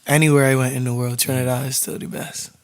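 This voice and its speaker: A man's voice: medium pitch, level tone, quick pace. A man from Barbados, a DJ guest, talking in a laid-back casual way, laughing easily and repeating words. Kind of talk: casual interview chat.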